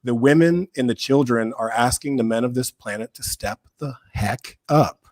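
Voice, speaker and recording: A man's voice: mid-range voice, a little fast, a little mellow. A man speaking as a guest on a podcast, earnest and preacherly, repeating phrases for emphasis. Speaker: podcast guest, men's work founder. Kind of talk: impassioned conversational talk. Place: podcast recording, remote or studio.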